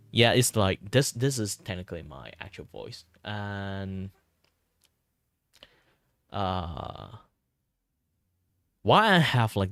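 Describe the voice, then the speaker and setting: A young man from Malaysia talking casually, with a low voice that sits deep in his chest. He rambles and circles back on himself as he goes. Soft music plays faintly underneath. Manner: rambling, with many fillers and restarts. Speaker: streamer. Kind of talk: casual chat.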